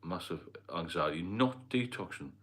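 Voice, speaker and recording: A middle-aged host from Northeast England, his accent a Geordie-London mix, rambles on a casual livestream while answering comments from viewers. His low, somewhat bright voice is expressive and moves at normal speed.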